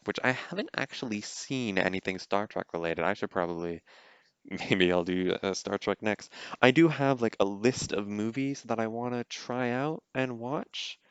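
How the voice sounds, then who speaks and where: A man's voice: sits low, smooth, no echo, dull audio. A man hosting a podcast, giving a casual, rambling reaction commentary on a movie, with lots of "like" and "you know.". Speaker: podcast host.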